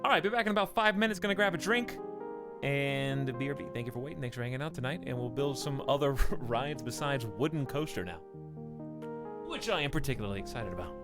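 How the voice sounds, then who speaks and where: A man casually chatting through a live game stream at home, animated and chuckling often. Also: medium pitch, brisk, over loud music.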